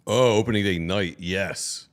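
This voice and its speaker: A man's voice: low voice, unhurried. A man co-hosting a casual sports talk show, telling jokey stories and laughing often. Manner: joking storyteller, laughs often.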